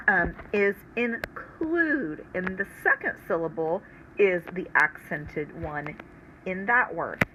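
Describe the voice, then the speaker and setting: A woman teacher giving a recorded spelling lesson to children, speaking slowly and patiently with careful enunciation. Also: fairly low pitch, background noise. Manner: slow, patient, clearly enunciated instruction.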